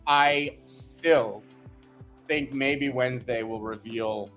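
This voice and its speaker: A man with a mid-range voice holds forth as a podcast co-host. He speaks with animated, emphatic conviction, pressing his points hard. Faint music plays behind him. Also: mid-range voice, slow pace. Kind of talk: casual podcast chat.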